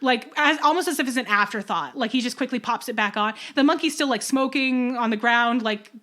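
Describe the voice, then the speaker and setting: A young woman co-hosting a podcast, ranting in animated casual chat. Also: a little high, fairly quick. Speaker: podcast co-host.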